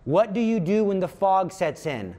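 A man's voice: high voice, very animated, moderate pace, mellow. A man giving a conversational retreat talk, acting out inner voices as he explains. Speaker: retreat speaker.

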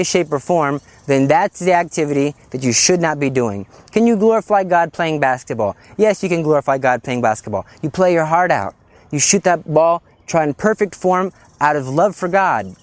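A man preaching a sermon in an animated, scolding way, acting out little scenes as he goes. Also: a little high, no echo.

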